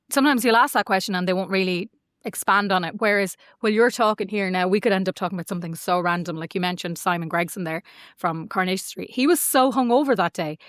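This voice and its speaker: A woman's voice: mid-range voice, no echo, clean studio sound. Chatty Irish woman in her forties. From Ireland. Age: 40s. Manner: chatty, animated storytelling with acted-out quotes. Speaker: podcast guest. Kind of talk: casual chat.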